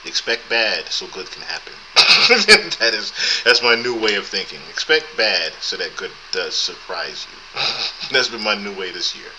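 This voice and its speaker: A man's voice: fairly low pitch, normal speed, background noise. A man in his thirties with a thin voice, hosting a live podcast in a casual, laid-back, profane way and chuckling often, recorded on a camera's built-in mic. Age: 30s. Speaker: podcast host. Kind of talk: casual live-stream chat.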